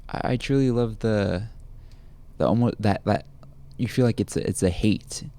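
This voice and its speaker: A man's voice: fairly low pitch, normal speed, warm tone. A man co-hosting a podcast in casual chat, rambling with many fillers and teasing his friends. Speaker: podcast co-host.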